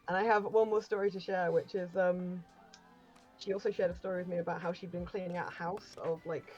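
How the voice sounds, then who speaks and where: A woman co-hosts a home game stream, spinning anecdotes with lots of ums and bursts of laughter. Her voice sits low for a woman. Faint game music hums in the background. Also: steady tone, brisk, a little mellow, lo-fi sound. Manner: chatty, laughs through her stories, many ums. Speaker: stream co-host. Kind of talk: casual storytelling chat.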